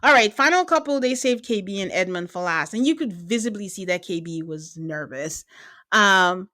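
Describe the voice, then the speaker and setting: A woman hosts a casual recap podcast, talking in an animated way and breaking into laughter. She acts out what people said in quick little impressions. Her voice sits at a middle pitch and sounds dry and close. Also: no room sound. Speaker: podcast host.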